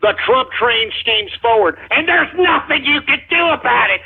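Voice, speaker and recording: A man's voice: very high voice, expressive, normal speed, gravelly, few pauses, slightly rough. A Texan man hosting a call-in radio show, brash and combative with callers. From Texas. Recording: muffled, phone-like radio stream.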